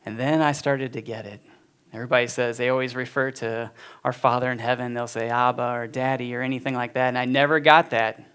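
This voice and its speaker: At a church gathering, a man in his forties gives his personal testimony in a medium-pitched, steady voice that's fairly quick, fairly bright and clean. He tells his story heartfelt and conversationally, using many fillers.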